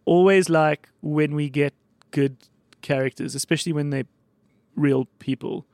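A male podcast host in casual chat, rambling quickly with lots of fillers and the odd swear. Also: on the high side, steady tone, darkish tone, no room sound. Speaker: podcast host running a mock video store.

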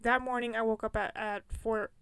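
Lively young woman telling stories. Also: on the high side, normal speed, smooth. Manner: animated storyteller, acts out quotes with big jumps. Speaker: podcast co-host. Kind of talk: casual chat.

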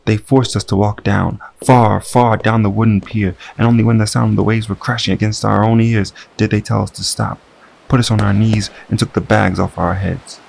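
A man's voice: fairly low pitch, little pitch movement, normal speed, gravelly, darkish tone, a little hiss or hum. A man reading a first-person audiobook narration with dry, wry asides.

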